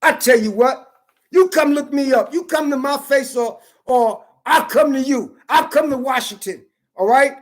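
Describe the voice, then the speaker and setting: In a high voice at a moderate pace, a woman vlogger rants angrily about politics to the camera. She's profane and confrontational, taunting and repeating herself, and at times her voice rises to shouts.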